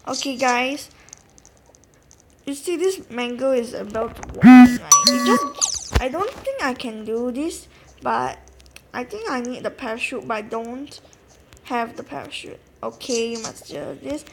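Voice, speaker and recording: A woman giving casual, excitable commentary while playing a game, talking to her viewers and often gasping. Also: a little high, measured pace, background noise. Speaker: gameplay narrator.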